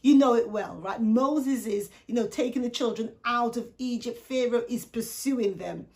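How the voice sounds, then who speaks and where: High pitched lady coaching from a bible story, lively, asks the viewer lots of questions. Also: moderate pace. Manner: animated, acts out voices of people in the story; addresses the viewer directly with rhetorical questions. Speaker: Christian life coach. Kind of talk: faith-based coaching talk.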